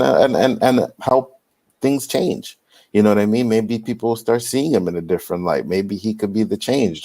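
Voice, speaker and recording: A man from Canada with a low, steady voice talks through his views on a live online panel. He tells stories in a loose, chatty way and keeps checking in with his listeners. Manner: animated storyteller, repeats "you know what I mean". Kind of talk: casual panel chat.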